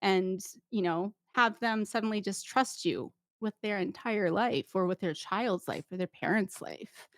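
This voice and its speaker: A woman guest, a former paramedic, talking casually in an interview, telling lively stories with acted-out voices and frequent laughs. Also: medium pitch, measured pace, hardly any pauses, dry recording, clean studio sound. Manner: animated storyteller who acts out voices and laughs often.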